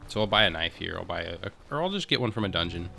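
A man's voice: deep voice, lively intonation, rapid-fire, gravelly, sharp tone, faint music behind. A man giving casual, chatty commentary over his own gameplay, talking to himself and the game as he plays. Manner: chatty, talks to himself and the game, frequent restarts. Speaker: let's play host.

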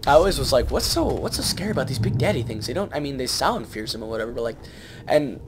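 A man's voice: mid-range voice, very animated, fast talker, noisy background. A young man giving a rambling, joking let's play commentary from home at night. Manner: rambling, joking, self-mocking. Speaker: gamer. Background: game music.

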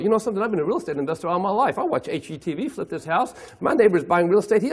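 Animated husky male keynote speaker. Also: high voice, racing, few pauses. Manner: animated, acts out clients' voices, asks the audience questions. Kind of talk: lively keynote talk to an audience.

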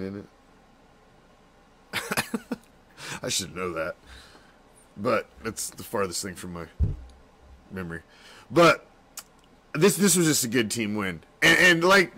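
A man hosting a postgame fan reaction show, ranting with constant swearing, laughing often and swinging between yelling and muttering, in a home studio room. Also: mid-range voice. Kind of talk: profane postgame rant.

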